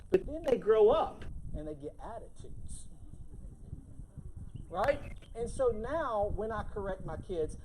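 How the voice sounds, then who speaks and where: A preacher speaks to a church congregation in a mid-range voice, neither high nor low. The delivery is lively and conversational, with everyday scolding voices acted out for illustration. A faint hiss sits under the recording. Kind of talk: sermon.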